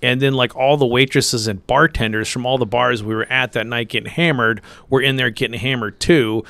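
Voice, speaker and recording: A middle-aged man co-hosting a podcast, rambling through profane stories with laughs, getting loud when he quotes people. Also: medium pitch, steady tone, fairly quick, vocal fry, smooth, dry recording. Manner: rambling, profane, laughs mid-story, swings loud when quoting the angry coach. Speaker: podcast co-host. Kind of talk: casual storytelling chat.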